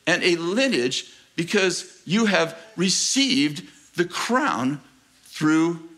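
A middle-aged man preaching a sermon to his church, animated and joking with the congregation, asking rhetorical questions. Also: fairly high pitch, very slow. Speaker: pastor. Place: church sanctuary.

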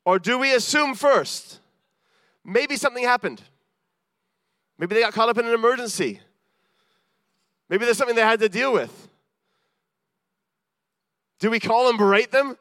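A man's voice: high voice, lively intonation, normal speed, long pauses, sharp tone, no echo, studio quality. A man preaching a sermon in an earnest, self-deprecating way, acting out the voices of the people he quotes.

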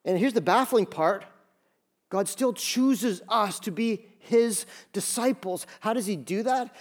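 A man's voice: high voice, unhurried. A man preaching a sermon as pastor, emphatic, repeating phrases and acting out bits of dialogue. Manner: acts out dialogue in quotes.

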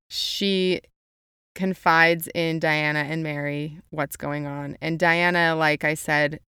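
A woman's voice: sits low, fairly even intonation, slow pace, sharp tone, smooth, dry recording, clean studio sound. A woman casually summarizing a novel, retelling dialogue with "she's like" and lots of filler words. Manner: chatty, paraphrases dialogue with "she's like"; frequent "like" fillers, laughs at own asides. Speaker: book summary presenter.

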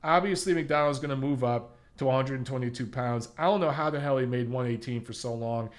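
A man's voice: medium pitch, brisk. A young man giving blunt, opinionated commentary on boxing, casual and swearing freely.

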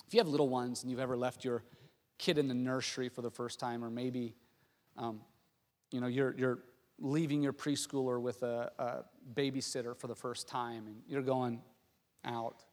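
A pastor delivers his sermon in a high, lively man's voice, slipping into the voices of the people in his stories. His words ring out with a long reverb from a large hall. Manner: animated storytelling, acting out quotes.

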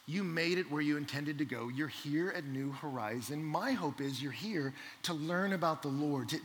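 A man preaching a sermon, telling a personal story animatedly and swinging between loud bursts and hushed asides. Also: a little high. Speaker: pastor. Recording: long hall reverb.

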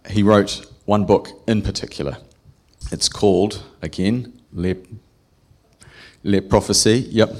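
A man gives a relaxed, joking sermon in a church. His voice sits very low, and he keeps quizzing the congregation. The delivery is chatty and informal. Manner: joking, chatty, asks the audience questions. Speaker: preacher.

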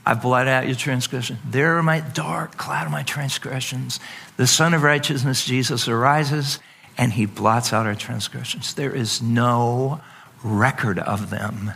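Slow, bright-voiced male preacher. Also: gravelly, breathy edge. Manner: animated, playful, acts out voices with big pitch jumps. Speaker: pastor. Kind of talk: sermon.

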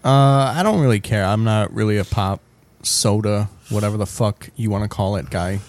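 A man's voice: fairly low pitch, normal speed, a little mellow. Dry-joking man. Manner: dry jokes, hesitant fillers. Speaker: podcast co-host. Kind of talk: casual crude banter.

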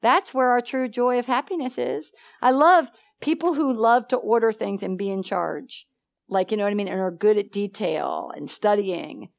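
A woman teaching a church Bible study with animated energy, laughing often and acting out conversations. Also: mid-range voice, normal speed, vocal fry. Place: church meeting room.

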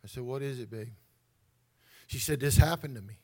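A man's voice: mid-range voice, moderate pace, mellow. A man preaching a fervent sermon as pastor, calling out to his congregation. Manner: fervent, call-and-response preaching.

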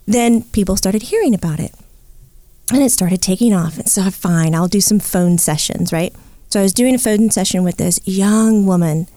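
A woman's voice: medium pitch, moderate pace, no echo. A middle-aged woman, a psychic medium, telling a story in a casual interview and acting out the voices in it. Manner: animated, acts out the voices in her story.

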